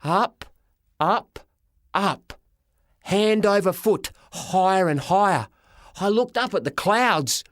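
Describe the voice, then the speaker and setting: A man narrating a children's story as a boy, with a lively, dramatic reading. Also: high-pitched, slow, long pauses, no echo, clean studio sound. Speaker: audiobook reader. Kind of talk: storybook narration in a boy's first person.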